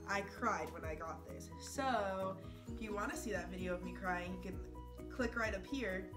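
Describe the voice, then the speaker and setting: A woman's voice: mid-range voice, animated, normal speed, over music. A woman beauty vlogger chatting casually through a makeup tutorial. She rambles and jokes at her own expense. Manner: chatty, rambling and self-mocking.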